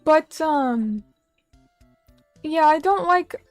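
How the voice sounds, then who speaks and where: This young vtuber streamer speaks very slowly in a high, expressive voice, on a dry recording with faint music behind. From a little table in a small room, she chats casually with viewers and reads their comments, rambling and self-deprecating.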